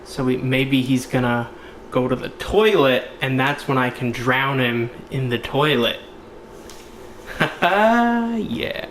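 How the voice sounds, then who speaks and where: Male gamer, unhurried joking commentary, playful silly delivery. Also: medium pitch, lively intonation, fairly bright tone, roomy sound, slight background noise. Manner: goofy, joking, puts on silly voices. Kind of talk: let's play commentary.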